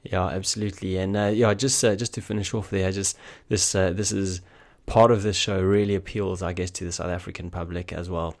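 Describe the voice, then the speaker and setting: A man with a very deep voice co-hosts a podcast. He talks in a friendly, casual way, filling pauses with "uh" and "I guess.". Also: level tone. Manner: friendly, hesitant fillers. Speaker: podcast co-host. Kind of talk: casual chat.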